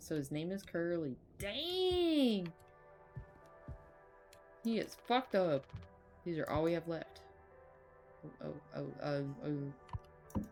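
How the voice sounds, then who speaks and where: A woman's voice: lowish voice, very animated, slow, pauses often, a little mellow, soft background music. Woman casually commenting on a game. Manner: casual, swearing, laughing asides. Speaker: gamer. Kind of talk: let's-play commentary.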